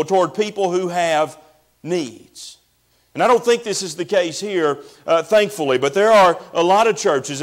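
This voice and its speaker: Guy preaching, slightly high voice, earnest, drags out words for emphasis. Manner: earnest preaching, drawn-out emphasis, addresses listeners as friend. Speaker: pastor. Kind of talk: sermon.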